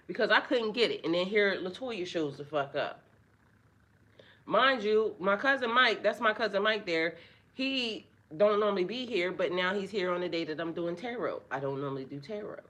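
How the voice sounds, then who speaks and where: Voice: medium pitch, a bit bright. A spiritual tarot reader giving a casual live reading, chatty and profane, greeting viewers by name.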